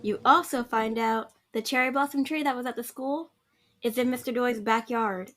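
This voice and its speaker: A woman co-hosting a casual podcast chat, recapping a story game and acting out the characters in quick asides. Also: a little high, a little hiss or hum. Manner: animated, mimics characters in quick asides, laughs often.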